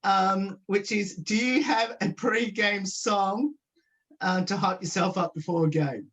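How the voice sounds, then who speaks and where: A woman's voice: medium pitch, unhurried, a bit bright. A woman radio host interviewing a guest over a video call, reading her questions with many "um" and "uh" fillers. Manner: reads questions, hesitant fillers. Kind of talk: remote interview.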